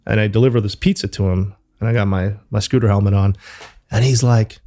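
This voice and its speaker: A company founder talking loosely as an interview guest, full of fillers and the odd swear word. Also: male voice, fairly low pitch, steady tone, a little fast, mellow. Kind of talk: casual interview talk.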